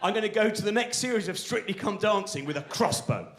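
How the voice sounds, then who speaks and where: High-voiced rambling comic. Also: male voice, animated, quick pace. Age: 40s. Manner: rambling, digressive, tag questions. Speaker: stand-up comedian. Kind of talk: live stand-up comedy. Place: theatre stage before a live audience.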